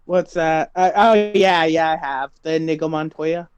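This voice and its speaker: Young man, role-play player, teasing and laughing, higher voice, dry sound. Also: steady tone, moderate pace, clean tone, dry recording. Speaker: player in a tabletop game. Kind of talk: casual chat with a sibling.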